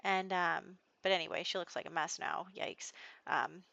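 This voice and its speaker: Chatty, bright-voiced woman narrating gameplay. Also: lowish voice, moderate pace, gravelly, no room sound, highs cut off. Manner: chatty, giggly, lots of fillers like "you know". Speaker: Sims let's play host. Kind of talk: casual storytelling gameplay narration.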